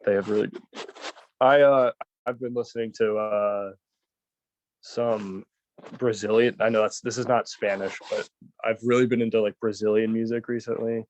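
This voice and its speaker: A man chatting as a guest in a relaxed way, laughing easily and hesitating with fillers. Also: lowish voice, normal speed, no room sound. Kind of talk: casual chat.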